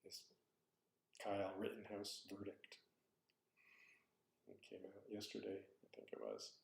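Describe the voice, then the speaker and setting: A man's voice: fairly low pitch, very animated, a little slow, gravelly. A man giving a dharma talk as a Zen teacher, reflective and searching, often correcting himself aloud. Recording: roomy echo.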